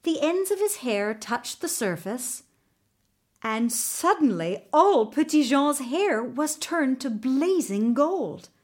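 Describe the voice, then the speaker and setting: A woman narrating a children's storybook in an expressive, animated way. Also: sits high, slow pace. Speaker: audiobook narrator.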